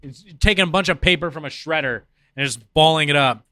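Young guy cohosting, super laid back, jokey, bright kinda sharp voice, dry close mic. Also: a little high, fast talker, no echo. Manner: laid-back, jokey, says dude and bro. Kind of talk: casual chat.

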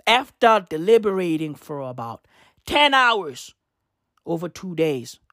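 A woman's voice: fairly low pitch, unhurried, no room sound. Woman doing a reaction rant, swears a lot, repeats slang, dry close sound. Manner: excitable and profane, repeating slang fillers. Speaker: commentator. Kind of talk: reaction commentary.

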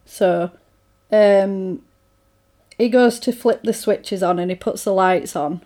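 A woman in casual chat, recapping a film with animated storytelling and frequent laughs. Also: mid-range voice, takes it slowly.

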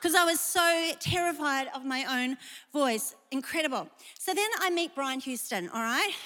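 A woman's voice: sits high, animated, normal speed, bright, forceful tone. A woman pastor preaching a sermon in a chatty, self-deprecating way, laughing often, in a large church auditorium. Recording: long hall reverb.

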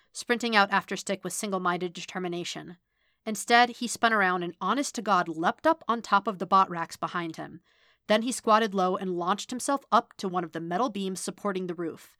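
A woman reading fan fiction aloud as a podfic narrator, measured and even. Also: medium pitch, no echo, studio quality. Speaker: podfic reader. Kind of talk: audiobook-style fiction reading.

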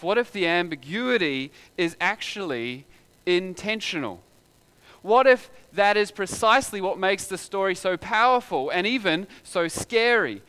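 A man's voice: high voice, sharp tone, smooth. A man preaching a sermon in a conversational way, full of rhetorical questions.

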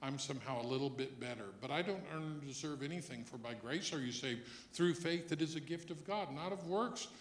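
A man preaching a sermon as pastor, moving between quiet reflection and loud emphatic passages. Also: fairly high pitch, fairly quick, few pauses, echoey room.

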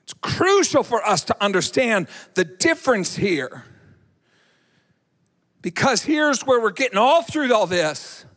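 A man preaching a sermon in an animated, dramatic way. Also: sits high, a little slow. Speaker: pastor. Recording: echoey hall.

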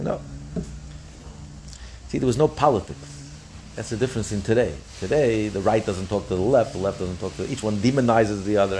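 A man's voice: a little fast, slight background noise. A man teaching a daf yomi Talmud class, explaining with frequent restarts and acting out the sages' voices. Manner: animated, acts out the sages' voices with pitch jumps; repeats and restarts phrases while explaining.

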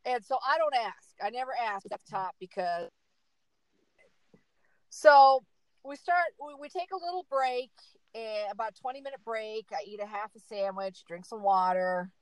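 A woman's voice: a little high, moderate pace, no echo, rough recording. A middle-aged woman telling a dramatic story in casual chat, repeating words for emphasis.

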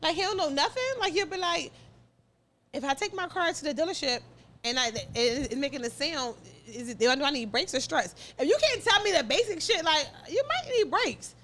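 A woman's voice: high-pitched, normal speed. A woman hosting a podcast, chatting casually in a slangy way and laughing often as she tells stories. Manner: laughing, animated storyteller, slangy. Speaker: podcast host. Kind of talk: casual chat.

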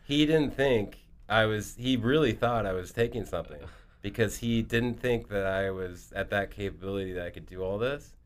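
A middle-aged man telling stories in casual chat, animated, acting out quotes and dropping to a hushed voice for tense moments. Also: lowish voice, moderate pace, clean tone. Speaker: guest.

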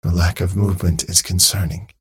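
A man voicing a male training robot that talks in stiff, clinical phrases, with a husky, creaky voice. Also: low-pitched, level tone, fairly quick. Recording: dry close mic, faint music.

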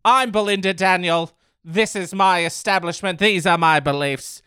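A man's voice: high-pitched, normal speed, bright, forceful tone, clean tone, no room sound, clean studio sound. A man mockingly voicing a pompous, self-righteous woman who owns a cinema, declaiming her beliefs. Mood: haughty.

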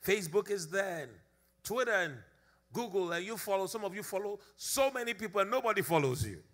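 A man's voice: on the high side, a bit bright. A man preaching a sermon to a congregation. He leads a prayer, repeats key phrases for emphasis and calls on the listeners to answer back. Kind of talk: sermon with prayer and call-and-response. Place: church service.

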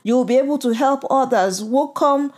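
A woman delivering a devotional sermon, slow and emphatic, encouraging, with lots of repetition. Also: high voice, a little mellow. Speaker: preacher.

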